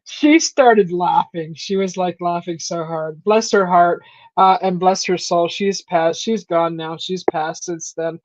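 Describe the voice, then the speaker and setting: A woman in casual chat, rambling through a story and acting out quotes in a higher voice, on a stream mic. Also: steady tone, unhurried, no echo. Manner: rambling storyteller, acts out quotes with a high voice and laughs. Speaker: stream host. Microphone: streaming call mic. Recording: dull lo-fi stream audio.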